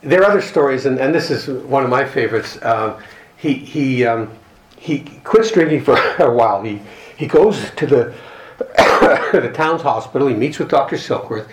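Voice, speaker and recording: A man's voice: medium pitch, expressive, moderate pace, echoey room, slight background noise, low-quality recording. A man speaking at a recovery group meeting, reading passages from a book and telling stories in an earnest, reflective way with wry humor. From Canada. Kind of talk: personal talk reading from a book.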